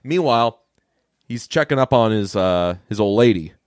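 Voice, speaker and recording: Speaking at a moderate pace, a man co-hosting a podcast walks through a film's plot in a relaxed way. He brings it to life by voicing the characters' lines in a higher, raised pitch. There's no room sound, just a clean studio recording.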